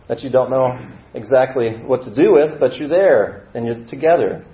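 Man preaching a story-driven sermon. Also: mid-range voice. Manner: vivid, acts out scenes with dramatic swings in volume. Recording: roomy, slightly dull sound.

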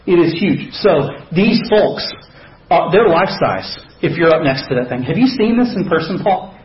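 A man's voice: fairly high pitch, animated, normal speed. A man with a Southern American accent preaching a sermon to his congregation, conversational and self-deprecating, often asking the room questions. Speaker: pastor. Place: church sanctuary. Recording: echoey, slightly dull church recording.

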